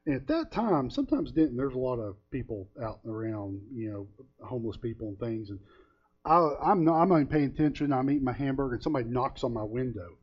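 A man delivers a relaxed, conversational sermon and drifts easily into homespun stories, pausing often to find his words. His voice sits at an ordinary middle pitch. The recording sounds dull and lo-fi. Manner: folksy storytelling with frequent hesitations. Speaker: preacher.

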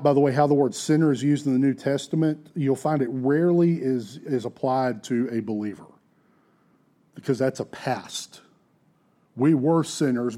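A male preacher delivers a sermon in an earnest, emphatic way. His voice sounds warm and mellow, and he drifts into friendly asides and restarts as he goes. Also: medium pitch.

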